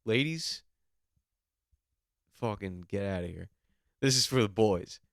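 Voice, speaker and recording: A man's voice: fairly low pitch, expressive, slow, vocal fry, dry recording, clean studio sound. A young man hosting a podcast, riffing in a rambling, profane, comedic monologue full of fillers. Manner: rambling, profane, lots of fillers and mock voices. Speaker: podcast host.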